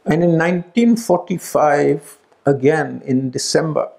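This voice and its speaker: Middle-aged guy with a gravelly voice spinning a family tale, a bit high-pitched. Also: a little slow. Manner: animated storyteller acting out quoted voices. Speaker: speaker at a spiritual retreat. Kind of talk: storytelling talk.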